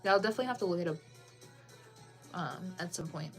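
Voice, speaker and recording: A woman's voice: on the low side, animated, fast talker, faint music behind. A woman chatting casually with viewers on a live stream, bubbly and full of "like" fillers.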